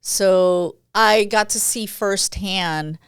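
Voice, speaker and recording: A woman's voice: mid-range voice, extremely slow, clear, resonant tone, no room sound, studio quality. A woman from Puerto Rico, a guest actress and comedian, telling stories in a casual interview, acting out quotes and laughing often. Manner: animated storytelling, acts out quotes, laughs often.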